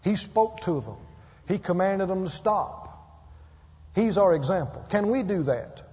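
A man's voice: high-pitched, expressive, unhurried, darkish tone. A man preaching a sermon, emphatic and calling out for amens from his listeners. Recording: muffled roomy hall.

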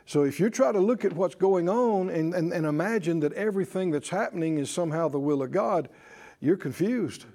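A man's voice: high voice, animated, brisk, warm tone. A man preaching a sermon to a congregation, emphatic and leading them in call-and-response. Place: church service with congregation.

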